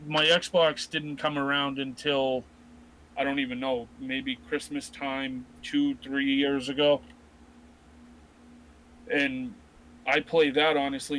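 A man's voice: medium pitch, a bit bright, slight background noise, rough recording. A man in his thirties co-hosting a casual chat about video games, rambling with many restarts. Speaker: podcast co-host.

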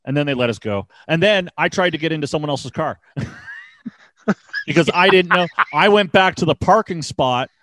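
A podcast host telling a story in a relaxed, profane way, jumping into the voices of the people in it. His voice sits a little high for a man. The sound is dry and close, with no room echo. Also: normal speed. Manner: animated, swears freely, acts out dialogue. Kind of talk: casual storytelling.

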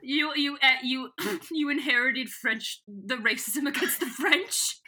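A woman's voice: sits high, unhurried. A woman co-hosting a podcast, casually recapping a story and laughing often. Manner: giggly, animated storyteller. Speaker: podcast co-host.

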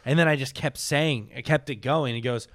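A man stand-up comic in casual podcast chat, telling stories with loud acted-out quotes and frequent laughs. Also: mid-range voice, moderate pace, dry recording, clean studio sound.

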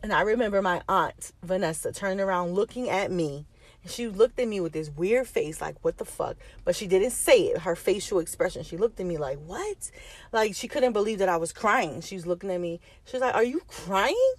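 A woman's voice: lowish voice, brisk, no room sound. A woman, a mother, telling a personal story in a candid, rambling way, repeating herself and swearing casually.

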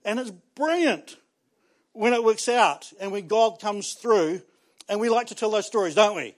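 A man, preaching a sermon and telling stories in an animated way, often laughing and restarting his words. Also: high voice, moderate pace. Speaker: pastor.

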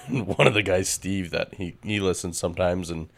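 Deep voiced young guy on a podcast, laid back, laughs a lot. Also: steady tone, normal speed, vocal fry. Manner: laid-back, laughs often while telling work stories. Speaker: podcast co-host. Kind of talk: casual chat.

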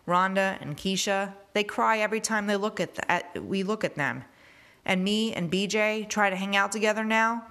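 A woman's voice: mid-range voice, fairly bright tone, natural voice. A woman reading aloud as a grieving teenage boy who talks plainly, in casual slang.

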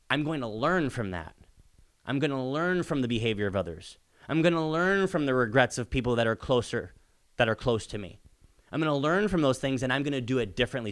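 A man who is a father and hosts a podcast, talking alone with emphatic repetition and stretches of rising, excited urging. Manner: earnest, emphatic, repeats key phrases; builds to excited high-pitched urging. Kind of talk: motivational solo podcast talk.

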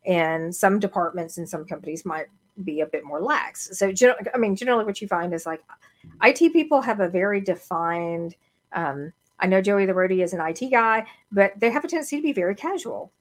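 A woman's voice: medium pitch, fairly quick. A middle-aged woman with a Southern accent co-hosts a casual podcast chat. Her voice moves up and down a lot as she rambles along. She often stops to correct herself mid-thought. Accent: American Southern. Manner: rambling, self-correcting, animated. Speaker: podcast co-host.

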